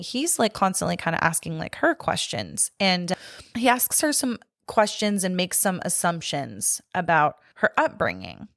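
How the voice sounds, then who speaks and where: A woman's voice: fairly low pitch, very animated, normal speed, a bit bright, dry recording, studio quality. A young adult woman co-hosting a podcast, talking casually about a movie with lots of filler likes and the odd swear word. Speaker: podcast co-host. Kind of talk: casual film chat.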